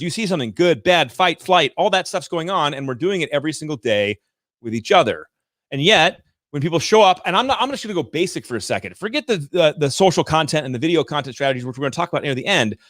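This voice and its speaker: A man's voice: a little high, animated, fast talker, a bit bright, dry recording. A man hosting a live show, giving direct, emphatic coaching talk with points repeated for effect, in a room with large windows on a studio microphone.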